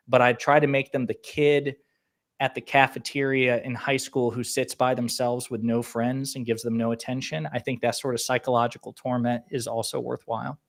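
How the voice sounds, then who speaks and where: A man co-hosting a political talk show speaks in a measured, wry way, in casual conversation. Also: mid-range voice, a bit bright. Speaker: podcast co-host.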